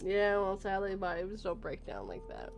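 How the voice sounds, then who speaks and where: A woman hosting a casual podcast chat, playful and quick to laugh. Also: medium pitch, sing-song, vocal fry, highs cut off, over loud music. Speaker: podcast host and story narrator.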